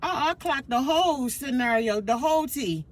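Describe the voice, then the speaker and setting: A woman's voice: sits high, lively intonation, moderate pace. A woman guest on a casual podcast, emphatic and profane as she retells conversations.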